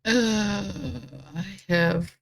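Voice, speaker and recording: A woman playing a tabletop game, giving short, unhurried answers. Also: mid-range voice, fairly even intonation, faint music behind. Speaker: player.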